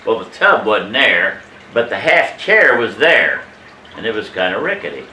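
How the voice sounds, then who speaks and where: A man in his eighties telling a family story from his childhood in a casual, animated way, emphatic and salty, chuckling as he goes. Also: fairly low pitch, moderate pace, a little hiss or hum. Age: 80s. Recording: echoey room, mic at a distance.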